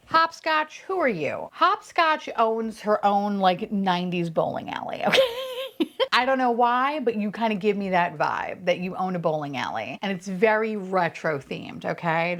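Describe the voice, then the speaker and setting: A woman chatting casually while unboxing toys, bubbly and excitable, swearing and laughing often. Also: mid-range voice. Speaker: unboxing vlogger.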